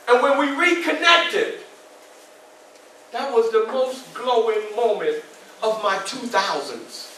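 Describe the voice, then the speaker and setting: A man's voice: extremely high pitch, lively intonation, slow pace, pushed and bright, a little hiss or hum. A man in his sixties giving a motivational speech, preacher-like and repetitive, talking straight to the audience. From New York. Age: 60s. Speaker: motivational speaker. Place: club meeting hall. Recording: echoey hall, mic at a distance.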